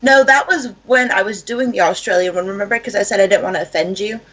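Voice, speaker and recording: Husky american woman on a podcast, teasing the guys, wry. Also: mid-range voice, quick pace, a bit bright, highs cut off. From United States. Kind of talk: casual group chat.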